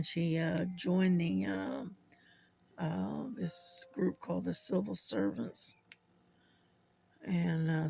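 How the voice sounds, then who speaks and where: Slow, gravelly older Southern voice. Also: mid-range voice. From Southern United States. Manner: rambling, unhurried storytelling with frequent chuckles. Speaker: channel host.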